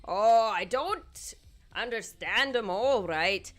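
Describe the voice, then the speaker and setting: A woman's voice: mid-range voice, lively intonation, slow pace, a bit bright, faint music behind. Woman putting on a cheeky old Scottish lord. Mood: teasing. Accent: put-on Scottish. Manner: reading game dialogue aloud, teasing. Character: elderly Scottish lord Dingwall, cheeky and boastful.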